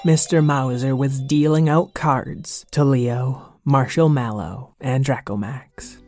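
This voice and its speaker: A man narrating a comedic children's audio story as host, lively and expressive. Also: mid-range voice, slow pace, faint music behind.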